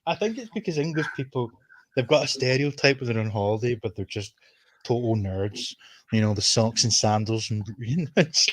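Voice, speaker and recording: A man's voice: medium pitch, animated, moderate pace. A Scottish man chatting casually on a stream, swearing freely and laughing through his anecdotes. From Scotland. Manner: swears freely, laughs while telling stories. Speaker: stream guest. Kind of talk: casual chat.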